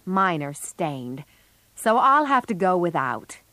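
A woman voicing a blunt, clumsy tomboyish teenage girl, talking slowly and plainly. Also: on the low side, very animated, pushed and bright, no echo, full character voice. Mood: matter-of-fact. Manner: slow, plain, rueful.

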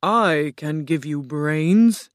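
A woman reading a storybook aloud, voicing Oz, a grand and commanding female ruler, with slow, drawn-out, imperious delivery. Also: low-pitched, lively intonation, no echo, clean studio sound, exaggerated voice.

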